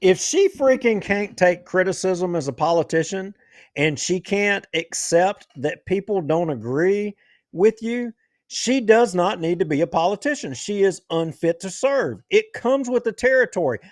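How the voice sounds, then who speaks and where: A man hosts a local political talk show, and he rants with open indignation. His voice sits high and leaps up and down as he presses each point. The sound is dry and close, with no room in it. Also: expressive, measured pace, no room sound. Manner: ranting, indignant. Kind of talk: heated political commentary.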